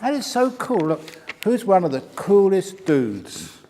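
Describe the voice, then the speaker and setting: A man's voice: high-pitched, wildly swooping pitch, a little slow, warm tone, in a large hall, slight background noise. An older man, a Buddhist monk, answering retreat questions with jokes and laughing at his own punchlines. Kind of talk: humorous Q&A talk. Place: meditation retreat hall.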